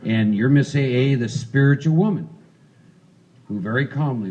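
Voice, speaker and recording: A man's voice: medium pitch, moderate pace, darkish tone, dull audio. A man leading a recovery workshop, talking casually and coaching volunteers through a role-play. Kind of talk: interactive recovery workshop talk.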